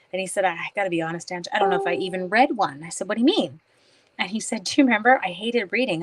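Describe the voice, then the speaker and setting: Chatty woman crafting live on stream. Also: medium pitch. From Canada. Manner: chatty, self-mocking, talks to viewers by name while working. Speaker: papercraft demonstrator live-streaming. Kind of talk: casual live-stream chat while crafting.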